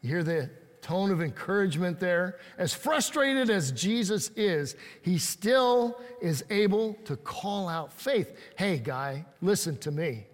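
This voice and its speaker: A man's voice: high voice, very animated, slow, hardly any pauses. A man preaching a sermon in a conversational way, reading scripture and acting out the lines he quotes. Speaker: pastor. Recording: long hall reverb.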